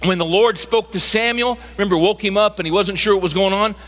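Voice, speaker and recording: A man's voice: high-pitched, brisk, fairly bright tone. A middle-aged man preaching a sermon, emphatic and full of rhetorical questions to his listeners. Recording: long hall reverb.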